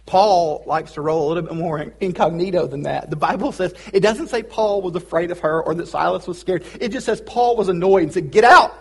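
A man's voice: fairly high pitch, a little mellow, breathy edge. A man preaching a sermon as pastor, casual and joking, with pop-culture asides.

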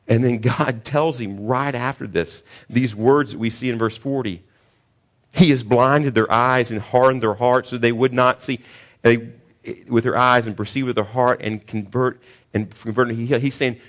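A man's voice: medium pitch, moderate pace, a bit bright. A male pastor preaching a sermon on a scripture passage, earnest, often stumbling and repeating words before pushing to emphatic questions.

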